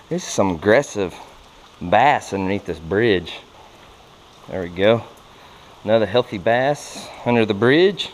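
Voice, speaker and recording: Under a bridge by a creek, a fishing vlogger with a gravelly voice films himself catching bass, speaking unhurriedly yet excitably, laughing often and exclaiming at each fish. The camera audio picks up plenty of outdoor noise.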